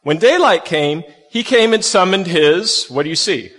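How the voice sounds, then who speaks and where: A man's voice: high-pitched, animated, normal speed, fairly bright tone, in a large hall. A man preaching a conversational sermon, asking his listeners questions as he walks through scripture. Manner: conversational, asks the audience questions. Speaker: pastor.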